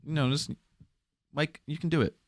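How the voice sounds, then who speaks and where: A man's voice: fairly high pitch, fairly even intonation, normal speed, dry recording, studio quality. A man hosting a podcast, teasing his guest with joking questions. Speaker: podcast host. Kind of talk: casual podcast chat.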